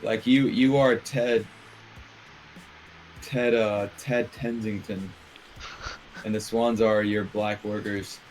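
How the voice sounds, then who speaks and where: A man's voice: fairly low pitch, little pitch movement, takes it slowly, long pauses, soft background music. A man in casual chat over a card game, arguing in a crude, joking way. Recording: noisy background.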